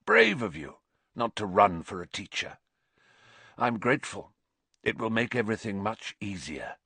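A man voicing a gaunt, hoarse escaped man who speaks low and quietly in an audiobook. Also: sing-song, normal speed, no echo, full character voice. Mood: menacing. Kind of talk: audiobook character voice.

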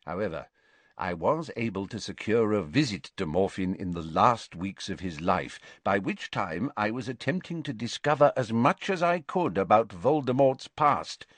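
In an audiobook reading, a man voices a calm, old wizard headmaster, explaining things patiently in a measured way. His voice sits on the low side, and the recording is dry.

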